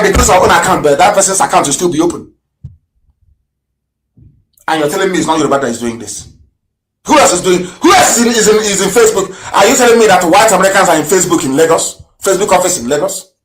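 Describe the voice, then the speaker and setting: A man delivering an impassioned political radio broadcast, firing rhetorical questions and swinging between shouts and low mutters. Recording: roomy echo.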